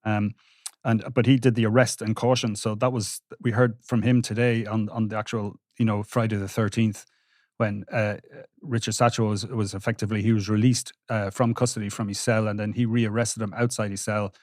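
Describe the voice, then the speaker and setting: Man, court reporter, low voice. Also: level tone, a little mellow, no room sound, clean studio sound. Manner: recounting testimony with halting restarts. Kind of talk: podcast discussion.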